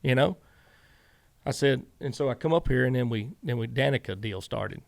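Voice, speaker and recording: Southern guy, middle-aged, gravelly voice, rambles thru his stories w lots of "i said", dry close sound. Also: mid-range voice, animated, moderate pace, no echo. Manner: rambling anecdotes, quoting himself and others with many "I said". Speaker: guest, former racing crew chief. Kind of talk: casual storytelling interview.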